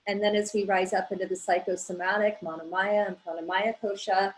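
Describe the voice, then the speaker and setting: A woman walks through her graduate presentation in a measured, explanatory way. Her voice sits at an ordinary middle pitch, and she pauses on fillers between ideas. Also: level tone, slight background noise, rough recording. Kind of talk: academic presentation.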